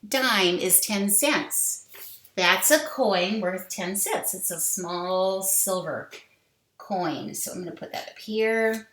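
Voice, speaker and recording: A woman teaching a phonics lesson to young children, sounding out words slowly with sing-song prompts. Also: mid-range voice, fairly bright tone. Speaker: kindergarten teacher. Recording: echoey room.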